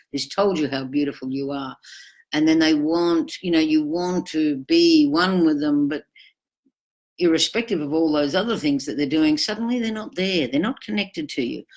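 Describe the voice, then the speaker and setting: A woman, giving an informal talk about relationships. She speaks bluntly and casually, and acts out the lines people say with sudden animated bursts. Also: sits low. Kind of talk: informal spoken talk on narcissism.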